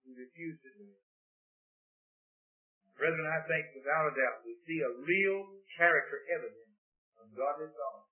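A man from Texas with a Texan accent preaching a sermon, swinging between hushed, quiet passages and loud shouting. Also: fairly high pitch, moderate pace, pauses often. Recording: echoey room on a tinny phone-like line.

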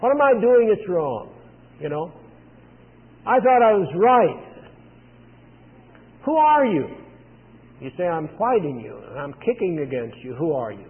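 An intense ancient persecutor of a man, as a preacher puts him on, speaking in an earnest first-person retelling. His husky, high voice comes over a thin, phone-like line and trails into a long echo. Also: big pitch swings, moderate pace, heavily acted. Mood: awestruck. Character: ancient male persecutor, zealous then awestruck. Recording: tinny phone-like sound with long reverb.

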